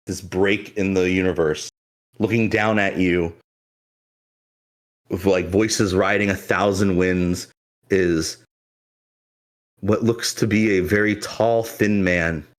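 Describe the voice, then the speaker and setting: A man narrating a tabletop game as game master, in dramatic, descriptive fashion with some fillers. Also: sits low.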